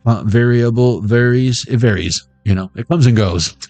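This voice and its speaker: Soft music sits under a man's medium-pitched, slightly mellow voice, recorded without echo at a moderate pace. Rambling through an intuitive tarot reading, he free-associates words out loud, laughs a lot and breaks into snatches of old songs.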